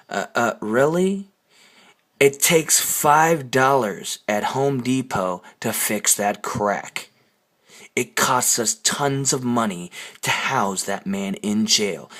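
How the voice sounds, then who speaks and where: A man's voice: medium pitch, creaky, a bit bright, breathy edge. Man ranting in a heated, profane voice. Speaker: vlogger. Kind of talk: angry ranting storytelling.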